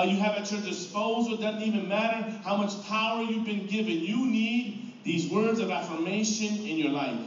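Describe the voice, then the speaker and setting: A middle-aged man preaching a sermon as pastor, earnest, often repeating words and restarting phrases. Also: high-pitched. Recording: echoey room from far off, dull sound, faint noise.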